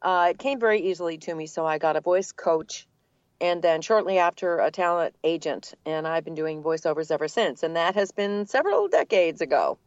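An older woman, a voice actor from the Boston area with a neutral standard accent, telling her story in a relaxed, articulate interview. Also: on the low side, fairly quick, no room sound, highs cut off. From Boston area, USA. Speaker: guest, voice actor. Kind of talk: casual interview answers.

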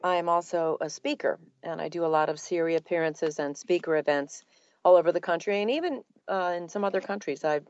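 An older woman, a voice actor from the Boston area with a neutral standard accent, telling her story in a relaxed, articulate interview. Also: fairly low pitch, brisk, no echo, highs cut off. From Boston area, USA. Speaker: guest, voice actor. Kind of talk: casual interview answers.

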